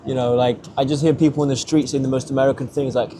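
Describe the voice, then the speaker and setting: Brief: British lad, 18, loose rambling vlog talk, mid-pitched, street noise around. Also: male voice, level tone, quick pace. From Britain. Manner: rambling, swears casually. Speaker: travel vlogger. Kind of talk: casual vlog chat. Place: outdoors on windy city streets.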